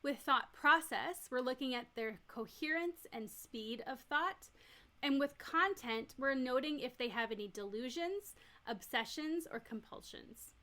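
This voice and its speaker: A woman's voice: high-pitched, expressive, unhurried, sharp tone. A woman who teaches nurses, giving a recorded lecture and explaining each step plainly with everyday examples. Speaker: nurse educator.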